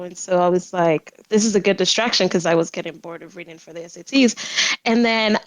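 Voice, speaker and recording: A young woman tells a story on a podcast, with plenty of laughter breaking through. Her voice sits in an ordinary middle pitch and is recorded close and dry, with no room sound. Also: no room sound, rough recording. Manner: animated, laughs often while telling. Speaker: podcast guest. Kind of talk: casual storytelling.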